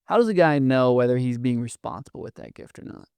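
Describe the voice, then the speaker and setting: A man's voice: medium pitch, animated, fast talker, creaky, darkish tone, clean tone, dry recording. A man co-hosting a podcast, asking questions in a thoughtful, hesitant way. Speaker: podcast co-host. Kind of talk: conversational podcast discussion.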